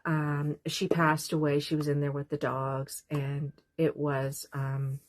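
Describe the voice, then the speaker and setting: A woman's voice: deep voice, flat delivery, slow. An older woman talking to her camera in a small doll room at home, rambling and emotional, often losing her train of thought. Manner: rambling, emotional, easily sidetracked. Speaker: vlogger. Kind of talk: casual talk to camera.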